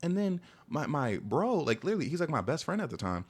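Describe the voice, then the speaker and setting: Fast-talking, animated young man. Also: a little high, slightly rough. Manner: animated, exasperated, peppers speech with "bro". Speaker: storyteller. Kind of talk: casual storytime monologue.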